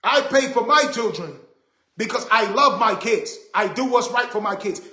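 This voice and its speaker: A man's voice: high voice, lively intonation, normal speed, sharp tone, roomy sound. A man hosting a casual livestream, talking to viewers in an emphatic, repetitive, indignant way. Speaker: livestream host.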